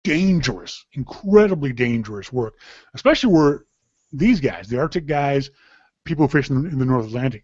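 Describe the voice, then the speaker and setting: A man from Canada hosts a casual podcast, talking in a rambling, chatty way at an ordinary middle pitch. His sound is dull and lo-fi, and it is dry, with no room echo. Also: lively intonation, moderate pace, darkish tone. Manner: rambling, chatty, with frequent restarts and laughs. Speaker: podcast host. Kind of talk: casual chat.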